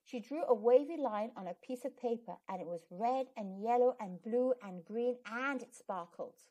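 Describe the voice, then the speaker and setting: A woman hosting a storytime channel, reading a children's book aloud with expressive storytelling narration. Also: a little high, normal speed, highs cut off.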